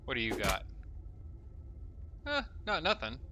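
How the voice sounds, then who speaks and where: A man with a medium-pitched voice and huge pitch swings talks unhurriedly against a noisy background. This is gameplay commentary from a let's play: he chats casually as he plays, reads the game's text aloud, and keeps up a running self-directed chatter.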